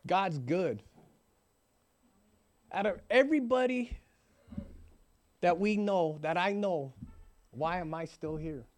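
A man's voice: high-pitched, animated, slow pace, pauses often. A man in his forties giving an earnest, emphatic recovery testimony, often checking in with "right?". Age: 40s. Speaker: recovering alcoholic sharing his story.

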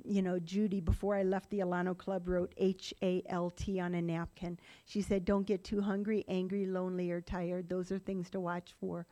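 A woman's voice: on the low side, dark tone. A middle-aged woman sharing her personal recovery story in a rambling, run-on way, with laughing asides. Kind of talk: personal testimony talk.

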